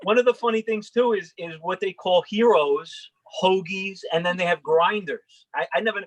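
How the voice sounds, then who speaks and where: A man's voice: sits high, moderate pace, poor audio. A man on a livestream panel, chatting in a rambling way and often restarting his sentences. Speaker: panel guest. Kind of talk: casual panel chat.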